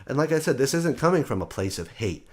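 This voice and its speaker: A man's voice: medium pitch, sing-song, fast, slightly rough. A man hosting a show, delivering a blunt, sarcastic opinion monologue. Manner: blunt, sarcastic, mocking quoted voices. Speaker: podcast host.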